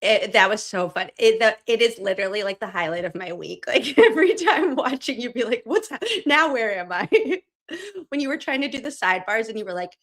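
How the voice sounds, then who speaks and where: A giggly woman host in casual conversation, with a fairly high voice. She teases her guest and breaks into laughter often, keeping the talk loose and playful. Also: expressive, a little fast, fairly bright tone.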